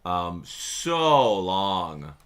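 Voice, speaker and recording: A man hosting a live stream, chatting casually and excitably with his viewers and laughing often. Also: low-pitched, very slow. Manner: excitable, animated, laughs often, addresses chat directly. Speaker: livestream host.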